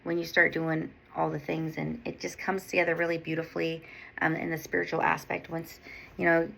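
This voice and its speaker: A woman's voice: low voice, monotone, fairly quick, creaky, a bit bright, a little hiss or hum, low-quality recording. A woman podcast host and nurse coach talking in a candid, rambling monologue, swearing freely. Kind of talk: casual monologue.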